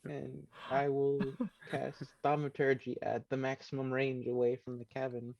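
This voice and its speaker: A man's voice: medium pitch, monotone, normal speed, creaky, no echo. A man playing a tabletop game, asking about the rules and thinking aloud. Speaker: player. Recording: dull lo-fi mic.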